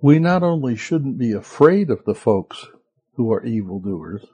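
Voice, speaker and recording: A male pastor delivers a sermon in an unhurried, conversational way. His voice has a slight husky grain, and he often turns to the listeners with rhetorical questions. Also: medium pitch, big pitch swings, dark tone, muffled recording.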